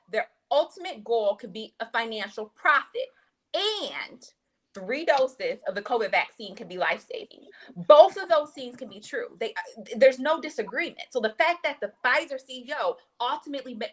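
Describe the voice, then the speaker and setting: A woman's voice: on the high side, fairly bright tone. A woman physician speaking as a guest in a podcast discussion, emphatic and assertive.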